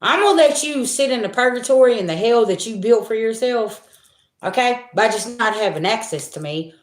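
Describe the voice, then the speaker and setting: A spiritual reader talks to her viewers in a loose, casual monologue, bluntly and with profanity, saying things twice for emphasis. Her voice is on the high side and animated, at normal speed, in an echoey room.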